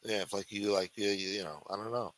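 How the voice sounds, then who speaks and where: A man's voice: on the low side, fairly even intonation, quick pace, a bit bright, no echo, rough recording. A man hosting a late-night livestream show, reading news articles aloud and breaking off into profane, sarcastic rants.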